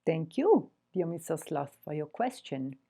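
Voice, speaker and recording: A woman teaching a language lesson in a gentle, patient, encouraging way. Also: low voice, sing-song, measured pace, vocal fry, slightly rough.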